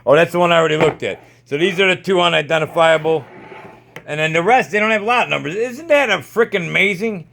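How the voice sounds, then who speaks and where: A man's voice: fairly high pitch, fast talker, creaky, fairly bright tone, slight background noise. A man vlogging at home, ranting sarcastically and swearing as he checks jars in his storage. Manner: keeps repeating "see how that works".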